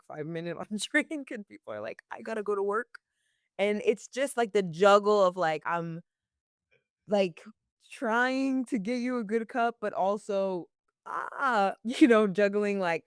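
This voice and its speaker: A woman's voice: medium pitch, clean tone, dry recording, clean studio sound. A young woman working as a barista, answering interview questions casually with many "like" fillers and frequent laughs.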